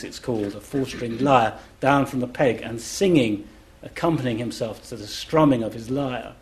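Slow, deliberate man explaining. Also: mid-range voice, a little mellow. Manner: demonstrative, chants rhythms aloud; measured and deliberate. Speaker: festival panel speaker, classics scholar. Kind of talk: explanatory public talk.

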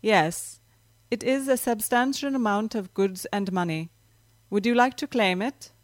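A woman's voice: medium pitch, unhurried, no echo, natural voice. A woman voicing a strange temple clerk whose sex is unclear, with a reedy, hollow, accented voice and formal, polite speech. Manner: formal, polite, loud and distant.

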